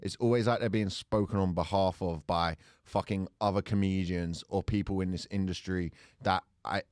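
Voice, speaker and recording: A man with a South London accent speaks in a low voice, blunt and opinionated, swearing casually as he chats on a podcast. The sound is close and dry, with no room around it. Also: steady tone, normal speed, a little mellow, no echo. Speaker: podcast co-host. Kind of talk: casual chat.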